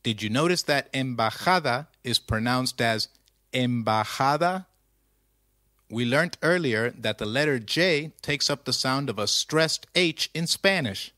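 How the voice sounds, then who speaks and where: A man's voice: medium pitch, animated, a little slow, hardly any pauses, pushed and bright, no room sound, clean studio sound. A man narrating a scripted language lesson, posing quiz questions patiently and walking through each answer. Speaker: language teacher.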